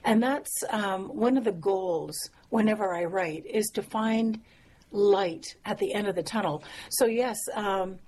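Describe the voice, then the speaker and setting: A woman's voice: mid-range voice, a little slow, slight background noise. Reflective woman songwriter, chatty. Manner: warm, reflective, frequent fillers and soft laughs. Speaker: songwriter and musician guest. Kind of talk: casual interview conversation.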